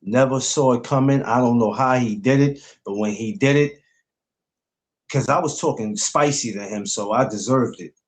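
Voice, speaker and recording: A man's voice: medium pitch, normal speed. A man hosting a podcast, chatting in a blunt, laid-back way. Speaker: podcast host. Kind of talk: casual chat.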